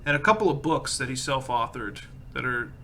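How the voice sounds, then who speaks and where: A man's voice: medium pitch, expressive, a little fast, sharp tone, slight background noise. A man running a tabletop game as game master, narrating in a loose, casual, descriptive way.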